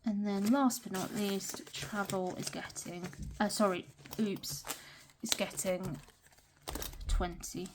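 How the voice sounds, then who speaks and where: A woman's voice: medium pitch, steady tone, slow pace, background noise. A young British woman chatting casually while counting cash into budget envelopes, often murmuring numbers under her breath. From Britain. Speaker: budgeting vlogger.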